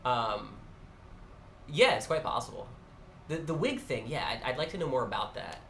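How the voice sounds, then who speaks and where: A man's voice: medium pitch, sing-song, moderate pace, vocal fry, a bit bright. A man co-hosting a podcast, musing and digressing as he thinks aloud in casual conversation. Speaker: podcast co-host. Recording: echoey room, faint background noise.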